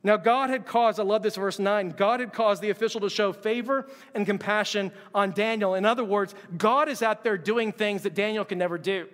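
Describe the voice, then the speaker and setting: A man with a high voice delivers a sermon in a relaxed, conversational way and acts out the quotes he reads. The long reverb marks a large hall. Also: normal speed, hardly any pauses. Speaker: pastor.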